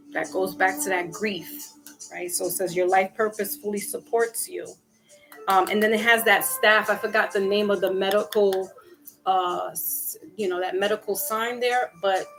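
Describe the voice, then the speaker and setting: Slow, gravelly woman reading cards. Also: mid-range voice, low-quality recording. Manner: chatty, talks to viewers and chat by name. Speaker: tarot reader. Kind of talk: casual intuitive reading. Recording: music playing behind.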